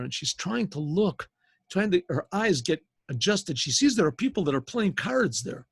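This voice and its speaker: A man, a rabbi, telling a story in a loose, casual way, with restarts and frequent throat clearing. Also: fairly high pitch, no room sound. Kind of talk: storytelling lesson.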